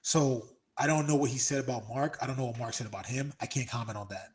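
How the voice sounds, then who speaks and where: A man's voice: mid-range voice, fast. A middle-aged man hosting a casual podcast chat, telling stories animatedly and acting out other people's lines. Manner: animated storyteller, acts out quotes loudly. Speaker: podcast host. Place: Los Angeles.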